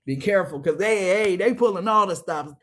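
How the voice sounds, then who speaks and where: A man with a high voice gives a casual tarot reading. His speech is slangy, profane and chatty. He talks straight to the viewer as if to a friend. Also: fairly quick, a bit bright. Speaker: tarot reader.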